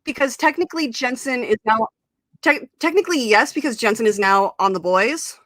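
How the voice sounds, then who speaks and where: Bright, lively young woman host. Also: fairly high pitch, moderate pace. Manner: animated storyteller, many fillers, laughs often. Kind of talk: casual chat, storytelling. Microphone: live stream mic.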